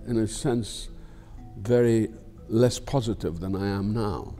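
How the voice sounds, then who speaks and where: An older man with a Scottish accent, speaking in a low, gravelly voice. His tone is mellow and dark, and he rambles reflectively. He swears freely and without any fuss in a candid interview. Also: takes it slowly, faint music behind. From Scotland. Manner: frank and profane, swears freely. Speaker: actor being interviewed.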